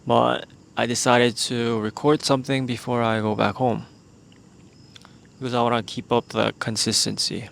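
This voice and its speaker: A man hosting a casual solo podcast, talking in a relaxed, meandering way into a handheld microphone while outdoors. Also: medium pitch, moderate pace, gravelly, slight background noise. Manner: relaxed, meandering, with many "like" fillers. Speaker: podcast host. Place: outdoors in a remote spot.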